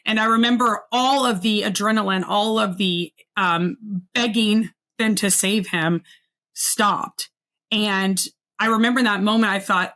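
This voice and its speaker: A woman's voice: mid-range voice, steady tone, a bit bright. Earnest woman telling a personal story. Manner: earnest, reflective, slows down at painful moments. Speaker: guest. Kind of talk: personal storytelling in a podcast interview.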